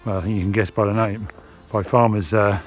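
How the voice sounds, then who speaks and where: A man talking casually to his camera while hiking over hills outdoors, relaxed and chatty, sometimes out of breath from the climb. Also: lowish voice, brisk. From England. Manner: relaxed, chatty, thinking aloud with fillers. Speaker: hiking vlogger. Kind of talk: casual walking commentary to camera. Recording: dull lo-fi sound with music behind. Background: background music.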